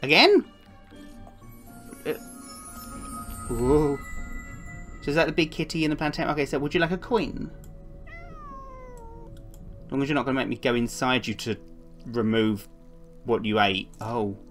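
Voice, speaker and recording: A woman's voice: rumbling low, normal speed, long pauses, soft background music. A woman streaming a puzzle game, chatting along and cooing to the cats on screen with little giggles. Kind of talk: live gameplay commentary.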